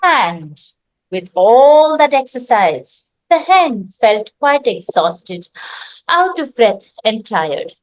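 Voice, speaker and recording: A woman narrating an improvised folk tale in a calm, expressive way. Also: fairly high pitch, slow. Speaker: storyteller. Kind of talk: improvised storytelling.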